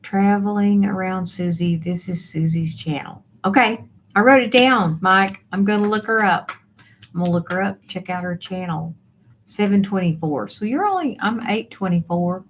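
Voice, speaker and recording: A woman's voice: medium pitch, normal speed. A woman hosting a casual livestream from home, chatting and greeting viewers by name. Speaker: livestream host reading viewer chat. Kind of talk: casual live chat. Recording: faint background noise.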